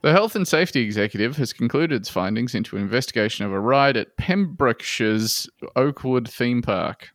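A man with an Australian accent hosting a comedy podcast, reading news items in a deadpan, jokey way with quick asides. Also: mid-range voice, dry recording, clean studio sound. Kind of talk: casual comedic podcast banter.

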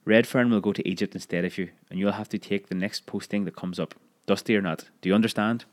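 A man's voice: lowish voice, fairly even intonation, quick pace, natural voice. A man reading the part of a formal, authoritative older male company director. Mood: resigned.

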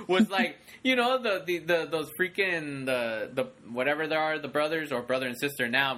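A young man co-hosting a casual movie chat, rambling and excitable with many restarts. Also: fairly high pitch. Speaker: podcast co-host.

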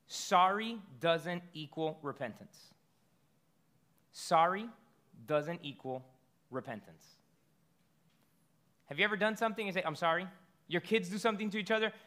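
A man's voice: sits high, sharp tone. A man preaching a sermon in a conversational way, asking the congregation rhetorical questions and often restarting his phrases. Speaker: pastor.

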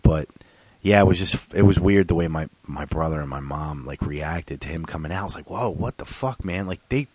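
A man's voice: low-pitched, a little fast, darkish tone, slightly rough, no room sound. A man co-hosting a casual podcast, telling a family story with lots of profanity and acted-out quotes. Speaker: podcast co-host.

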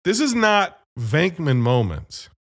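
A man chatting casually about a movie, animated and profane, retelling scenes as he goes. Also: fairly high pitch, slow. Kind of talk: casual movie review chat.

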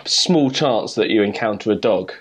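Casting: male co-host, teasing and chatty, very lively pitch. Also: normal speed, husky. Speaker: podcast co-host. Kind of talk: casual chat.

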